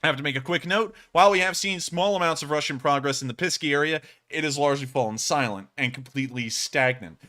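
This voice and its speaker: A man's voice: on the high side, fast talker, hardly any pauses, sharp tone. A man hosting a live-stream of war news commentary, chatty and sarcastic, with frequent fillers and restarts.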